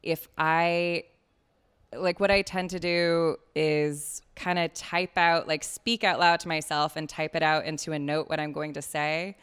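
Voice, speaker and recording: A woman's voice: deep voice, level tone, unhurried, fairly bright tone, clean tone, big-room sound. A woman podcast host giving frank, chatty advice in casual talk on a panel. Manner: chatty, frank, loose with swearing.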